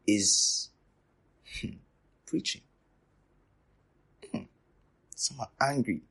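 A man delivers a teaching sermon in a lowish, husky voice. He repeats key phrases for emphasis and swings between forceful declarations and quiet, breathy asides. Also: animated, slow pace, pauses often. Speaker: preacher.

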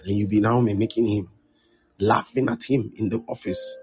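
A male pastor preaches in a loose, chatty way, his voice gravelly with fry. He acts out small exchanges and keeps checking in with his listeners. The recording is dull and lo-fi, with clear music underneath. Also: fairly low pitch, fairly even intonation, normal speed, darkish tone. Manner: chatty preaching that acts out little dialogues and asks "huh?". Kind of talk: conversational sermon.

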